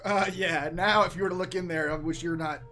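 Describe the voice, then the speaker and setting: A man's voice: on the high side, steady tone, fairly quick, pushed and bright, soft background music. A man running a tabletop game as game master, with a hesitant, easygoing manner.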